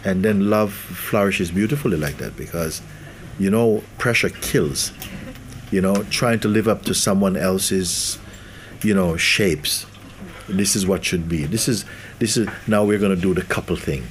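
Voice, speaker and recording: A man's voice: deep voice, measured pace, a little hiss or hum. A man giving a spiritual talk to an audience, laughing often and acting out the voices of the people he quotes. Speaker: spiritual teacher.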